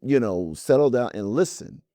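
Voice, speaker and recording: A man taking part in a religious discussion, earnest and quick to agree with "yeah" and "right". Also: mid-range voice, lively intonation, dark tone, dry recording, clean studio sound. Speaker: discussion participant.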